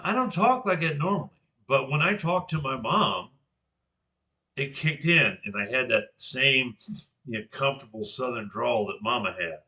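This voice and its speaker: A man's voice: medium pitch, pushed and bright. An older man from Georgia in the US giving an informal class presentation, carefully articulating his words with frequent restarts.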